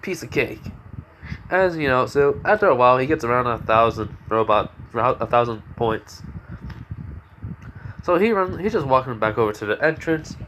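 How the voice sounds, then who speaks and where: A man's voice: medium pitch, animated, normal speed, a bit bright. A young man casually telling a fan story off the cuff, rambling with lots of fillers and self-corrections. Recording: faint background noise.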